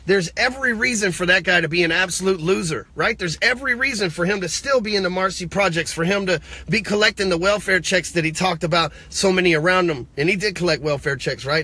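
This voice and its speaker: Blunt, profane man with a bright voice. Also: sits high, husky. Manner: blunt and profane, talks straight to the viewer; asks rhetorical questions. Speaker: business coach. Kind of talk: casual motivational rant to camera.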